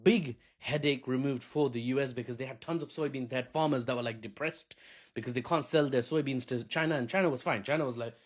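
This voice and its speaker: A man's voice: mid-range voice, fast talker. Chatty, joking male commentator. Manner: jokey, chatty, wanders into asides. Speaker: commentary host. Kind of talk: casual solo news commentary.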